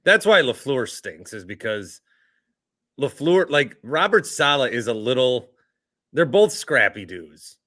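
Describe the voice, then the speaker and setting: A man with a bright, sharp voice co-hosts a casual sports podcast. He chimes in with wry, joking remarks. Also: mid-range voice, very animated, unhurried.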